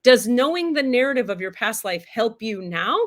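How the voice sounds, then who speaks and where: A woman hosting a live-streamed spiritual teaching with comedy, animated and swearing casually, with big emphatic swings in pitch and loudness as she answers questions. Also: moderate pace.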